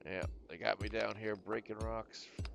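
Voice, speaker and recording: A man's voice: on the low side, fairly even intonation, normal speed, vocal fry, noisy background. A man streaming games, giving casual commentary and joking, swearing and muttering as he plays. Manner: joking, swears freely, hums and mutters while playing.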